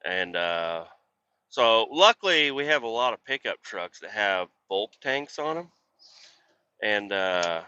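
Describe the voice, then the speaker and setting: A man talking while driving his truck, cursing and ranting at other drivers on the highway. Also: sharp tone, clear, resonant tone, muffled recording. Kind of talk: casual driving vlog. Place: inside a truck cab on the highway.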